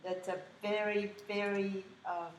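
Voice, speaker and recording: A woman with a Japanese accent, a native Japanese speaker, chatting casually as co-host in a lively, giggly way. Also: medium pitch. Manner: lively, giggly, quick to react. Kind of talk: casual chat. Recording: echoey room with faint hiss.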